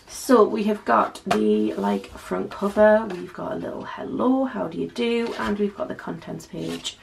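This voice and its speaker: Woman, 20s, North East English accent, chatty vlog host, gravelly edge, faint hiss behind. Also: mid-range voice, lively intonation, moderate pace, hardly any pauses. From North East England. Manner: chatty, wry asides to the viewer. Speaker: channel host. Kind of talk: casual chatty vlog unboxing.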